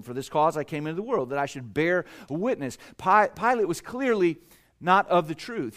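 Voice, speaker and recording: A man preaching a sermon, building to emphatic swells with dramatic pauses and acting out voices in his stories. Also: on the high side. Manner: acts out quoted voices in a storytelling joke. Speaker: pastor.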